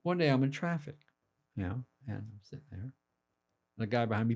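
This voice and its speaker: An older man, a comedian guest, telling casual anecdotes with quick asides and acted-out quotes. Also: mid-range voice, creaky, darkish tone. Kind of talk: casual storytelling.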